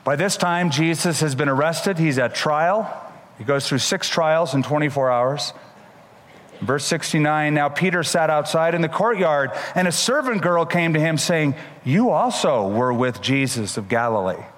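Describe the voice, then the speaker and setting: A man preaching a sermon, retelling scripture with animated, emphatic delivery and shifting voices for the people in the story. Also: a little high, normal speed, long reverb tail. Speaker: pastor.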